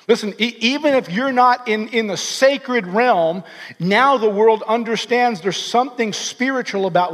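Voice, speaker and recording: A man with a high voice preaches with earnest energy, stumbling and restarting his phrases as he pushes his points. His sermon rings out with a long reverb trailing behind it, as if it were recorded in a large hall. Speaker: pastor.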